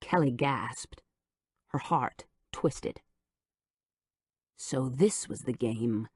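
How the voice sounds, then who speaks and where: A woman narrating an audiobook in a measured, low-key manner on a close studio mic. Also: a little mellow, no echo. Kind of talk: scripted narration.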